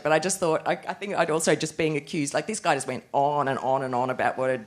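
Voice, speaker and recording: An Australian woman cartoonist telling stories on a discussion panel, rambling and animated with many restarts. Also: low-pitched, fast, few pauses.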